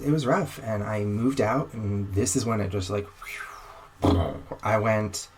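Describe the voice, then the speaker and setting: Young male guest, low register, lively storyteller who voices the people in his tale, light hiss on the line. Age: young adult. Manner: animated, acts out dialogue in quotes. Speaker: podcast guest. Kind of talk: casual storytelling.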